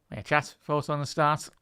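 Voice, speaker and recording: A man with a Liverpool Scouse accent, a football commentator and YouTube host, gives live fan commentary on a match, chatting with viewers and laughing often. His fairly high voice is bright and forceful, recorded cleanly in a studio with no room sound.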